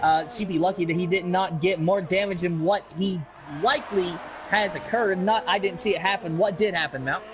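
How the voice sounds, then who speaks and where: A man calling fast play-by-play on an online racing league stream. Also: high-pitched, steady tone. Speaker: sim racing lead commentator. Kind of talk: live esports race commentary.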